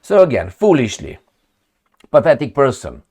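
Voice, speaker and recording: Animated man ranting over news. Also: medium pitch, normal speed, slightly rough. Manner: animated, sarcastic, rambling with restarts. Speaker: political commentator. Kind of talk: casual commentary reading articles.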